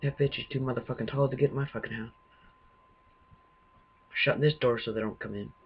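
Man gaming, husky voice, nervous profane play-by-play, dull lo-fi recording. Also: mid-range voice, steady tone, fairly quick. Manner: jumpy, swearing running commentary. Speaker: gamer. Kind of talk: let's-play commentary.

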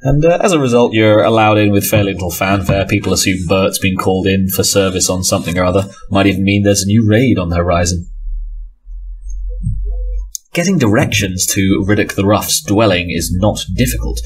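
A man runs a tabletop game, narrating the scene and trading dry banter with his players. His voice sits low with a husky grain. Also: a little fast. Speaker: game master.

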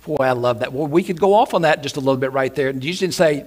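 A male pastor preaching a sermon in a church, animated and repeating his phrases, now and then acting out loud shouted quotes. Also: mid-range voice, fast, few pauses. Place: church sanctuary.

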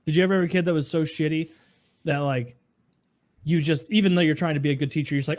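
A man co-hosting a casual podcast, cracking jokes and firing off quick questions. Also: fairly high pitch, a little mellow. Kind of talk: casual chat.

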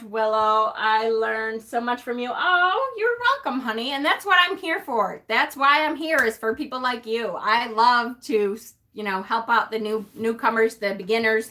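A woman's voice: a little high, pushed and bright. A woman from North Carolina hosting a casual live stream, chatting with viewers and teasing them, laughing often. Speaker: witchy livestream host. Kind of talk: casual live-stream chat reading comments.

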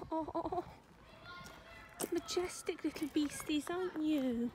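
A woman's voice: extremely high pitch, slow pace, pauses often, slight background noise. A woman vlogging outdoors at a wildlife park, gushing and cooing at the animals in baby talk. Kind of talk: casual vlog commentary.

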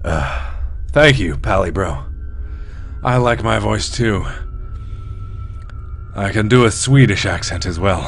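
A man giving live commentary on a horror game, talking to his viewers, swinging between frightened outbursts and hushed muttering. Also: fairly low pitch, expressive, slow pace, creaky, long pauses, soft background music. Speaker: gaming host.

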